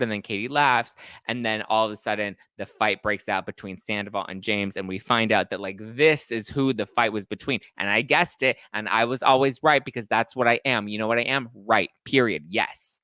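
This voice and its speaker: A young man hosting a podcast, recapping casually with sassy, animated delivery and mimicking the people he talks about. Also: on the low side, brisk, hardly any pauses, smooth, no room sound. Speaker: podcast host. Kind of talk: casual live recap chat.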